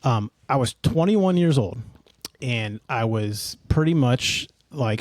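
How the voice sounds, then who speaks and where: A man's voice: medium pitch, lively intonation, normal speed, dry recording. A middle-aged man hosting a podcast, telling a rambling, self-mocking story in casual chat. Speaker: podcast host.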